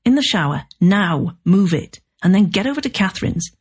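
A woman voicing a pushy male literary agent who sounds shrill, pleading and wound up. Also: sing-song, moderate pace, a little mellow, breathy edge. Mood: agitated.

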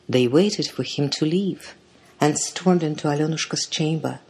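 A storyteller giving a measured, dramatic reading of a fairy tale. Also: medium pitch, a little mellow, slightly rough. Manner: measured, dramatic read-aloud delivery.

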